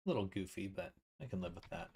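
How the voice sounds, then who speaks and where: Muttering as he builds something on a casual stream, this man has a deep, husky, darkish voice. He talks fast, and his pitch swings widely.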